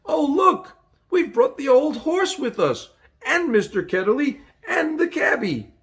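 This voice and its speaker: A brave young girl from a storybook, as a man puts her on, breathless and excited, her voice pitched high and swinging up and down. She sounds eager and quick. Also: exaggerated voice.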